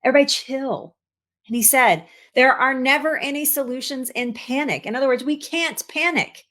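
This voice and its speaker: A woman, a cancer coach, giving an expressive motivational talk, repeating words for emphasis and laughing at herself. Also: high-pitched, moderate pace.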